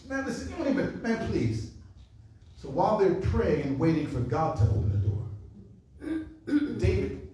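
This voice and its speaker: A man preaching at a revival, telling Bible stories in a lively, conversational way and acting out the voices of the people in them. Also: high voice, moderate pace, long pauses. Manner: animated storytelling with acted-out voices, says "man" often. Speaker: pastor. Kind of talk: revival sermon. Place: church sanctuary. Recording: echoey room from a distance.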